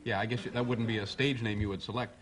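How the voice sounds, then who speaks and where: A man's voice: on the low side, steady tone, fast. A man hosting a late-night talk show, interviewing a guest in a dry, teasing way. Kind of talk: interview chat. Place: television studio. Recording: loud studio audience and noise.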